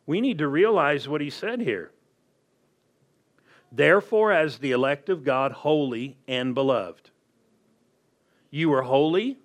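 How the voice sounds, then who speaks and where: Male pastor, unhurried sermon delivery, scripture readings, rhetorical questions. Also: fairly high pitch. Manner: slow, deliberate preaching with scripture reading.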